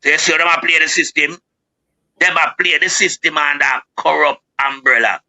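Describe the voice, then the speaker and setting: A man with a Jamaican accent, a guest speaker giving impassioned political commentary, preachy and rising to shouts. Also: fairly high pitch, fairly even intonation, moderate pace, vocal fry, low-quality recording. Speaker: guest speaker on a live show.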